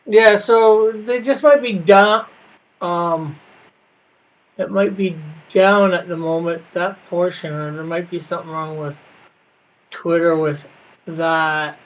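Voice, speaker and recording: A man streaming his digital comic coloring, chatting casually with viewers in a halting way, often restarting and correcting himself. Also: sits high, steady tone, lo-fi sound. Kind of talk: casual livestream chat with viewers.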